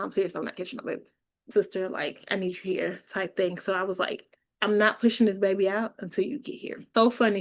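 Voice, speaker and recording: A woman vlogger telling a personal story in a casual, chatty, animated way, laughing now and then. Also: medium pitch.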